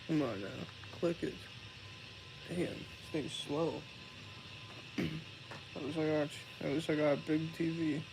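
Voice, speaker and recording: A man's voice: fairly high pitch, steady tone, slow, vocal fry, long pauses, noisy background. A young man live-streaming, chatting casually, swearing and laughing as he rambles.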